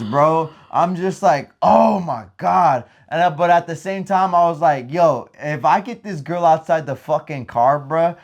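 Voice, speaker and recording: A young man telling a story in casual chat, animated and full of profane slang. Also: fairly high pitch, unhurried, hardly any pauses. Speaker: podcast co-host.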